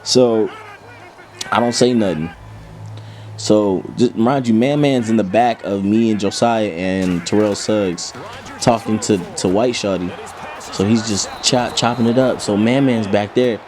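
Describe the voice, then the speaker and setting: A young man from Kentucky hosting a gaming channel, telling a comic story in slangy, jokey, animated speech. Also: on the low side, unhurried, a little hiss or hum. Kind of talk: comic story time over gameplay.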